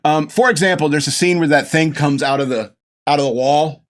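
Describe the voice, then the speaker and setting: A middle-aged man on his podcast chats loosely about a movie, laughing a lot, gushing, and performing lines from it. He talks a little fast in a fairly high-pitched voice.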